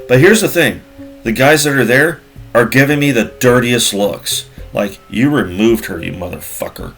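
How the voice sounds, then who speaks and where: A man's voice: mid-range voice, fairly bright tone. A man in his forties telling a casual story from work in a rambling way, with many fillers and repeats. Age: 40s.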